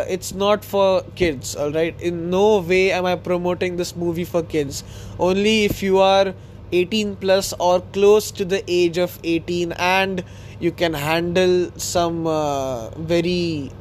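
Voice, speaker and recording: Excitable high-voiced man rambling. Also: slight background noise. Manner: excitable, rambling, laughs often. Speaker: podcast host. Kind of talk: casual solo chat.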